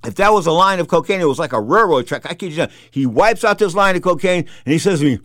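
An older man, a boxing announcer, telling an animated anecdote, repeating himself and acting out the people he quotes. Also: high voice, fast, few pauses, dry recording, studio quality. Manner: animated, repetitive, acts out quotes. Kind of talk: storytelling anecdote.

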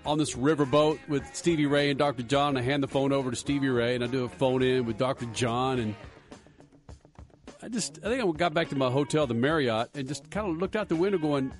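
A man's voice: mid-range voice, a little fast. A man in a medium voice chats on air, winding through old stories and laughing often. Faint music sits behind him. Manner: rambling storyteller, laughs often. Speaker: radio show co-host. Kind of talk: casual on-air chat.

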